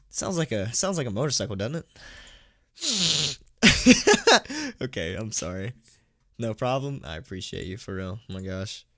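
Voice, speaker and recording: A man with a fairly low voice reads horror stories aloud on a live stream. He keeps tripping over words and laughs at himself. His chatty, thankful asides to donors sound dry and close to the mic. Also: big pitch swings, a little slow, pauses often, pushed and bright, no room sound. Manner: stumbling, self-mocking, laughing at his own slips. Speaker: horror story narrator and streamer. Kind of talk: live-streamed story reading. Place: at home.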